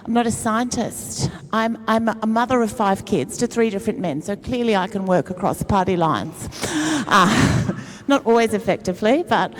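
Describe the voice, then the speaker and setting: A woman's voice: medium pitch, normal speed. A middle-aged woman speaks to a live audience like the comedian she is. Her storytelling is chatty and self-mocking, with a middle-range voice and plenty of asides. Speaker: speaker at a climate event. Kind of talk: humorous storytelling speech.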